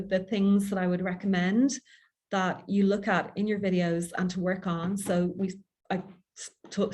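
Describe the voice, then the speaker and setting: A woman with an Irish accent giving a quick, chatty public speaking workshop, self-deprecating and informal. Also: medium pitch, a little mellow. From Ireland. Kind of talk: workshop talk.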